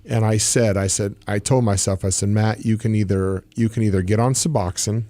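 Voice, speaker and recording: A man who was once a pro wrestler, a guest on a radio show, talking in a halting way with many fillers and restarts. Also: on the low side, steady tone, dark tone, no echo. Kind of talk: casual interview talk.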